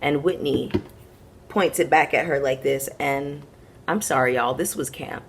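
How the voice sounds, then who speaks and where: A woman's voice: deep voice, normal speed, a little hiss or hum. A woman hosting a casual reality TV recap, chatting frankly to her viewers and acting out the quotes as she retells each scene.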